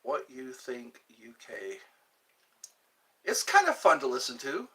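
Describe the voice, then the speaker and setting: A man's voice: mid-range voice, huge pitch swings, unhurried, bright, forceful tone. A man hosting a live stream, chatting casually and rambling between musings and viewer comments.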